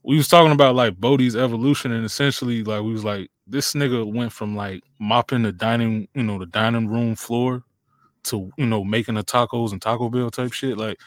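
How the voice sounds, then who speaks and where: A man's voice: medium pitch, steady tone, brisk, dry recording, clean studio sound. A man co-hosting a podcast, chatting in a laid-back, profane way. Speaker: podcast co-host. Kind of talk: casual chat.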